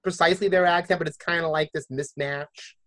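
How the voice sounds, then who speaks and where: A man's voice: on the high side, steady tone, fairly quick, fairly bright tone. Rambling man hosting a podcast chat. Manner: rambling, restarts, jokey asides. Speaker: podcast host.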